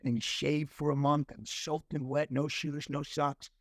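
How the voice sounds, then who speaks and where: Older man telling his story, slightly high voice. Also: measured pace, no room sound. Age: 60s. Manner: animated storyteller acting out dialogue; earnest, emotional at times. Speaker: interview guest. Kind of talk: personal recovery story.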